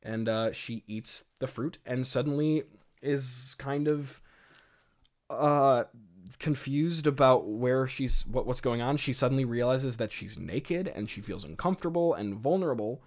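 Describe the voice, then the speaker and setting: A man's voice: medium pitch, measured pace, darkish tone. Male podcast host, casual and rambling, stammers through amused asides. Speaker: podcast host reviewing a script. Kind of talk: casual commentary.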